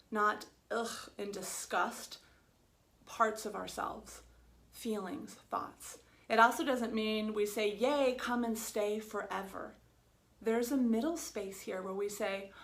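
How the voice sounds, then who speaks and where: A middle-aged woman psychotherapist speaks to her viewers in a soft, slow, soothing voice. Her tone has a slight gravelly fry, and her pitch sits in the middle for a woman. She pauses often and lets her words land gently. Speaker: holistic psychotherapist. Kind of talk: gentle reflective video talk to viewers.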